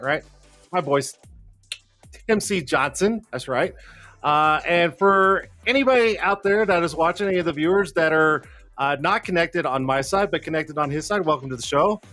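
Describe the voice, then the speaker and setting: Male live-show host, slightly high voice, rambling and foul-mouthed, soft music underneath. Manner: rambling, cussing, self-deprecating, jokey; flustered, talking to himself while fixing tech. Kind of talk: casual live-stream chat. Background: faint background music.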